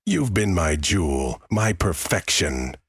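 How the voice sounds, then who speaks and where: A man's voice: sits low, sing-song, takes it slowly, husky, dry recording, clean studio sound, exaggerated voice. Cold controlling old millionaire, voiced by a man. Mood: menacing. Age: older. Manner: cold, menacing, growling.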